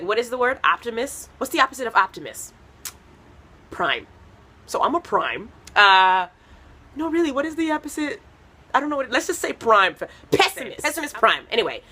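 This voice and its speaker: Lively, bright-voiced woman comedian. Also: fairly high pitch, brisk. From United States, Haitian American family. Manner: chatty, rambling storytelling with many fillers. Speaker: stand-up comedian. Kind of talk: stand-up comedy set.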